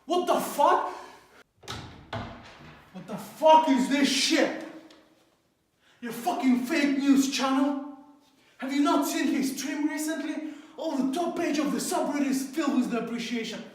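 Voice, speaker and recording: A man voicing a furious intruder who barges into a studio and shouts threats and curses. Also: very high voice, a little slow, pauses often, far from the mic, voice pushed up. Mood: enraged. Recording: very echoey room.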